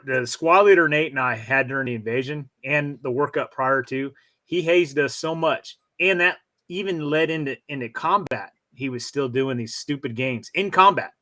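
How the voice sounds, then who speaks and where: A man in his forties speaks with a fairly bright, forceful voice. He tells his story frankly and at a measured pace, often restarting a phrase as he works through it. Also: mid-range voice. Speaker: stream guest. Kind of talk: casual storytelling.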